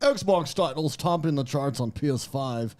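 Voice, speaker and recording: A man's voice: on the high side, expressive, unhurried, darkish tone. A man putting on a snobby smug voice. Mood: mocking.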